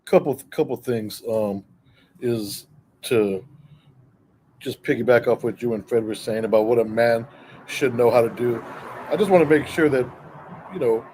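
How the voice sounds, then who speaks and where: A man's voice: medium pitch, mellow, slight background noise, rough recording. A man talking earnestly as a guest co-host, building his points step by step. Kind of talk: casual opinion chat.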